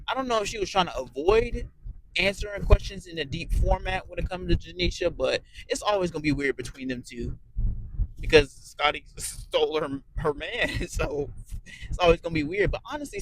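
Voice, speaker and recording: A blunt, cursing man with a slightly high voice. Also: animated, moderate pace, fairly bright tone, slight background noise, poor audio. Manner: rambling, blunt, heavy cursing, frequent fillers. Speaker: reality show reviewer. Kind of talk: casual profane audio review.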